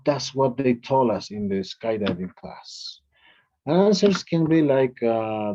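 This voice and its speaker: Male English teacher, warm and husky, reading example sentences to a class, dull lo-fi sound. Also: mid-range voice, expressive, a little slow. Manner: explains by reading out example sentences, calls on students. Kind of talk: classroom grammar lesson.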